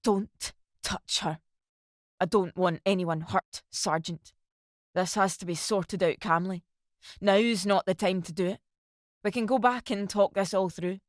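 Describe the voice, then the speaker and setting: A woman's voice: medium pitch, steady tone, unhurried, dry recording, clean studio sound, natural voice. A woman voicing a young lieutenant who speaks hard and firm, keeping control.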